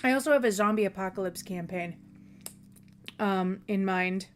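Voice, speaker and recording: A woman's voice: medium pitch, moderate pace, a little hiss or hum. A young woman from the American South with a Southern accent, chatting casually with viewers on a stream, rambling and laughing often. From Southern United States. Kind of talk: casual chat with viewers during a work-along stream. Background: soft background music.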